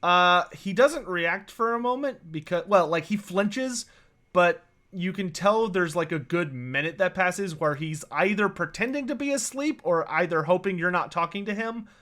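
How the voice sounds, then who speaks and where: A man running a tabletop role-playing game, narrating the scene in a loose, chatty way with plenty of fillers. His voice sits high and bright. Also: expressive, moderate pace. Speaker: game master.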